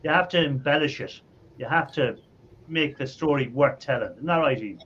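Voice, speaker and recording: Irish male host, teasing and quick to laugh; dull lo-fi call audio. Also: mid-range voice, fairly bright tone, slight background noise. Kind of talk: casual live chat.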